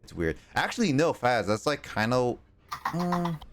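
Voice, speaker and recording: A man's voice: medium pitch, very animated, measured pace, noisy background. A man streaming a game and chatting casually, rambling with many fillers and restarts, his R sounds bending slightly toward L. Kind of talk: casual chat while gaming.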